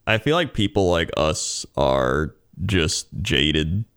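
A man in relaxed casual podcast chat, talking in a reflective way with many fillers. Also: extremely low pitch, slow pace, smooth.

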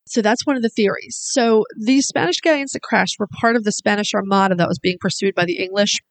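A woman's voice: medium pitch, brisk. Woman co-host explaining at length. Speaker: podcast co-host. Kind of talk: casual chat.

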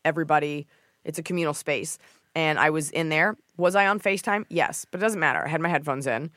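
A woman hosting a podcast, telling stories in a casual comedic chat, swearing and mimicking people in a shrill voice. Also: quick pace, no room sound, clean studio sound. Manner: animated storytelling, swears freely, mimics others in a shrill voice. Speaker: podcast host.

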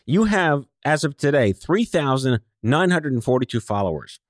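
A man hosting an interview show, asking questions with teasing jokes and quick asides. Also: mid-range voice, sing-song, no echo, clean studio sound. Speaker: podcast host. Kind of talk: casual interview chat.

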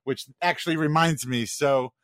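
Animated New man telling stories. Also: a little high, normal speed, no room sound, studio quality. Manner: animated storyteller who mimics crowd chants. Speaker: podcast co-host. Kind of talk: casual chat.

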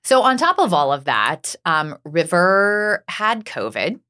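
A woman's voice: fairly low pitch, very animated, slow pace, pushed and bright. A woman co-hosting a casual podcast, chatty and rambling, laughing easily as she talks. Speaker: podcast co-host and news anchor. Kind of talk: casual chat. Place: Asheville area.

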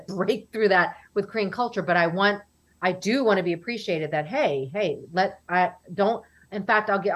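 Chatty woman in her forties. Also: on the low side. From United States. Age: 40s. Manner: animated, chatty, quotes people in voices. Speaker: guest. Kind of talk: casual interview chat.

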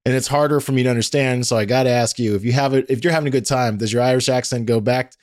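A man hosts a casual podcast interview with energetic enthusiasm. He talks in a loose, chatty way full of fillers and quick asides. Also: medium pitch. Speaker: podcast host.

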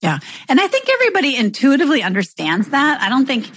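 A woman's voice: sits high, wildly swooping pitch, fast, a bit bright, slightly rough, no echo. A woman co-hosting a podcast in casual chat over a remote call, laying out her point step by step in an earnest way. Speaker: podcast co-host.

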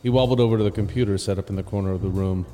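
A man narrating a comedic audio drama in a deadpan, crude manner. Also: on the low side, very fast, in a large hall, soft background music. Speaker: narrator and lead performer.

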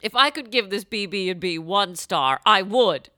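A woman's voice: mid-range voice, expressive, normal speed, sharp tone, no echo, studio quality. A woman hosting a comedy podcast, playful and laughing often as she jokes and slips into silly voices. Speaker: podcast host.

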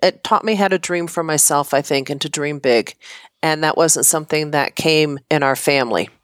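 A woman's voice: deep voice, normal speed, no echo, clean studio sound. A middle-aged woman, an interior designer, talking earnestly as a podcast guest. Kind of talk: casual interview chat.

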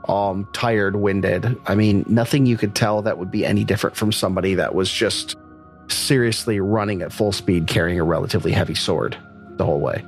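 A man narrating a tabletop role-playing game as game master, in a relaxed, casual way. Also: low-pitched, a little fast, faint music behind.

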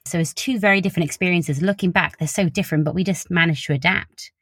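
Here the same young Wiltshire woman, a social media creator with a southern English accent, speaks fast in a fairly low, slightly bright voice with a breathy edge. The studio sound is clean with no room sound, and she laughs often and leans on "like" throughout the casual interview chat.

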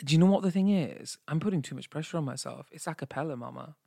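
Camp gravelly guy on a podcast mic, teasing and playful, dry close sound. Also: on the high side, fast talker, mellow, no echo. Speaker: podcast co-host. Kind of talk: casual chat. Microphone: studio microphone.

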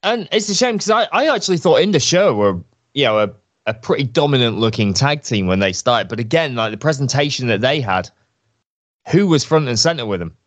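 A man's voice: mid-range voice, very animated, fairly quick. A man as a guest on a podcast, chatting about wrestling with keen enthusiasm. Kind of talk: casual wrestling chat.

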